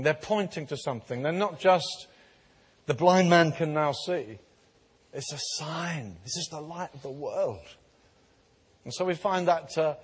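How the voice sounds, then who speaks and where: A man preaching a sermon, telling stories of healing and building to an emphatic, animated delivery. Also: a little high, breathy edge. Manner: storytelling, growing animated and emphatic. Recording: long reverb of a large hall.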